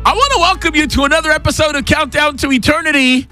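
A man's voice: very high voice, a little fast, hardly any pauses, bright, forceful tone, dry recording, faint music behind. A man co-hosting a radio ministry show as pastor, speaking in an emphatic, preacherly way. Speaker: pastor and co-host.

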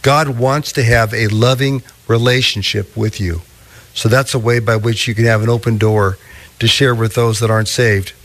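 A man preaching a sermon, teaching through a scripture passage with slow, deliberate emphasis. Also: mid-range voice, fairly even intonation, a bit bright. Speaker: pastor.

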